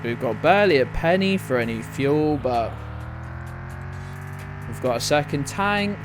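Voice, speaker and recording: A man's voice: on the high side, expressive, unhurried, over music. A man streaming a game, chatting casually, swearing freely and answering his chat. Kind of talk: casual gameplay commentary.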